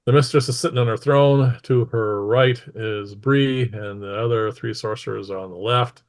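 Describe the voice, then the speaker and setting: A game master with a voice of middling pitch talks players through a tabletop scene. He narrates casually, pausing and correcting himself as he goes. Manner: casual, halting narration with fillers.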